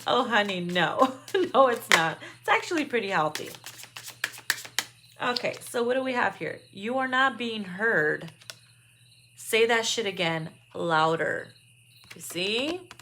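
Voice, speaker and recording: A woman's voice: a little high, lively intonation, slow pace, pauses often, sharp tone, slight background noise. A woman doing a casual tarot card reading, blunt and profane, laughing often. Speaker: tarot reader.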